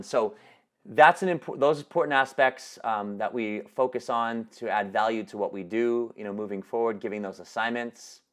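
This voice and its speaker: A man leading a training call on coaching sales, talking casually with many fillers and restarts. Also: lowish voice. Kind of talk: teleconference training talk.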